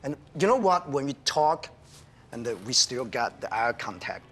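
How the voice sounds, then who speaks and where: A man's voice: mid-range voice, sing-song, moderate pace, fairly bright tone, soft background music. A man demonstrating a device in casual, upbeat speech with frequent fillers. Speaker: product demonstrator.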